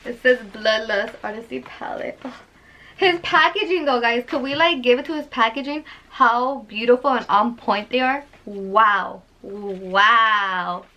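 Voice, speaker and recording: A woman's voice: a little high, moderate pace, sharp tone, poor audio. A young woman vlogging an unboxing, gushing over each item with gasps and lots of fillers. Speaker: beauty vlogger. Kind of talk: excited unboxing vlog.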